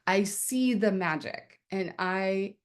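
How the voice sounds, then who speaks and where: A woman's voice: medium pitch, takes it slowly. A woman poet hosting her book launch on a video call, talking casually and candidly with lots of fillers and laughter. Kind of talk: casual chat.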